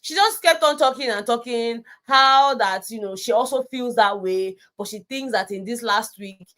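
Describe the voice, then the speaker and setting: A woman with a Nigerian accent chatting through a casual recap vlog, animated, peppering her talk with "you know" and slipping into Pidgin. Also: on the high side, moderate pace. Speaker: reality show recap vlogger.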